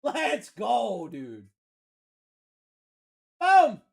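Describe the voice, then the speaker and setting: A man from Maine with a Maine accent hosts a live card-breaking stream, calling pulls with energetic, slangy banter and shouting over big hits. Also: very high voice, extremely slow, gravelly. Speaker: card-breaking livestream host. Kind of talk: excited live sales commentary.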